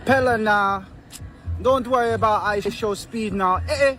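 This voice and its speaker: Man, high voice, slow drawn-out coaxing, repetitive pleading, faint music behind. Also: fairly bright tone. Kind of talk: pleading direct-to-camera video clip.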